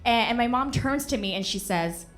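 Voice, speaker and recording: Young woman, stage storyteller, bright and a bit high, lively and laughing, on a stage mic. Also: moderate pace, faint music behind. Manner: animated, laughing, punchy. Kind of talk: live comedic storytelling. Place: stage of a live venue before an audience.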